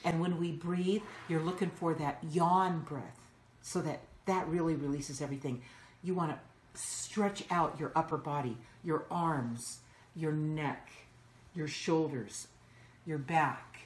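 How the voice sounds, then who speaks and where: A woman hosting a spiritual session, guiding listeners in a soothing, instructive way. Her voice sits low and she speaks unhurriedly. The room sounds echoey around her. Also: slow. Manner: soothing, instructive, repeats cues like "okay". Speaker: host of a channeling show. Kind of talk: guided spiritual talk.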